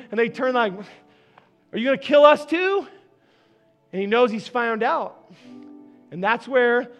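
A man's voice: high voice, highs cut off. A man preaching a sermon as pastor, talking conversationally and addressing the congregation directly.

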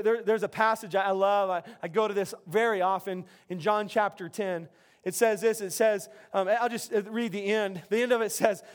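Male pastor, middle-aged, high voice, casual animated sermon delivery. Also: smooth. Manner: conversational, animated, self-interrupting preacher.

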